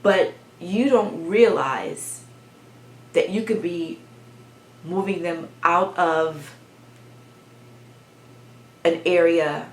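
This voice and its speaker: A woman with a slightly low voice tells a story from her own childhood to the camera. She talks in a reflective way, pausing and restarting as she remembers. The room around her is echoey. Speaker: vlogger. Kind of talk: personal storytelling.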